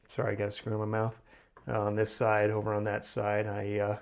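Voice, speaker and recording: A man giving a relaxed hands-on install walkthrough, talking as he works with frequent fillers. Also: fairly low pitch, a little fast, vocal fry. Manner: relaxed, talks while working, frequent fillers. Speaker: DIY installer.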